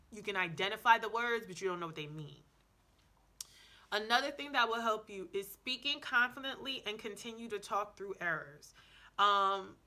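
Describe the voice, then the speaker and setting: A woman vlogger talks through language tips in a loose, casual way. Her voice is bright and forward, and she keeps it conversational with plenty of "like"s, quick restarts and playful asides. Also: medium pitch. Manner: chatty, many "like"s and self-corrections. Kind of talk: casual advice vlog.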